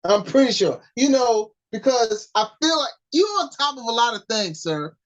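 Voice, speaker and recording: A woman co-hosting a casual podcast chat, teasing her co-host and pausing often as she searches for words. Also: on the high side, very animated, highs cut off. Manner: playful teasing, drawn-out pauses.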